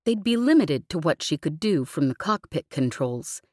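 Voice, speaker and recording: A woman narrating a science fiction audiobook with an even, expressive reading. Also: sits low, moderate pace, no echo, studio quality. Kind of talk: scripted narration.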